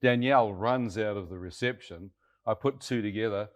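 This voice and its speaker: Sixties New man, low-pitched, colloquial storyteller who acts out the voices. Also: normal speed. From New Zealand. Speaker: guest. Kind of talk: dramatic personal storytelling.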